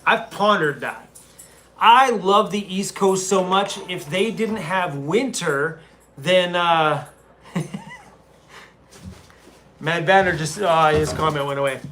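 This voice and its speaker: Van-life streamer, man, easygoing and chummy, fairly high voice, talks loosely to chat. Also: slow pace, long pauses, sharp tone, a little hiss or hum. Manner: laid-back and chummy, calls viewers bro and man, laughs often. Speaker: van-life YouTuber hosting a live stream. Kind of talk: casual live-stream chat, reading viewer comments. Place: hotel room, seated on a small chair.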